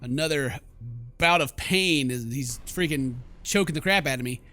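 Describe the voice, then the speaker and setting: A man's voice: fairly high pitch, moderate pace. A man doing let's play commentary. He reads the game's text aloud and talks back to it with jokes. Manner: animated, jokey, talks back to the game. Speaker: game commentator.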